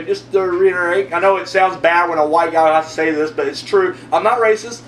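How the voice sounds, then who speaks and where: A man with a high voice tells a rambling story full of swearing as he answers his viewers. His pitch jumps all over the place. He sounds set back from the mic in a roomy space, with a faint hum underneath. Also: far from the mic. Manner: profane, rambling, animated storyteller. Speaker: video host answering viewer comments. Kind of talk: casual storytelling monologue.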